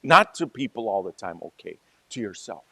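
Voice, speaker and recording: A male pastor preaching a sermon in a conversational way, moving from soft asides to loud, emphatic peaks. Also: lowish voice, very animated, a little fast, no room sound.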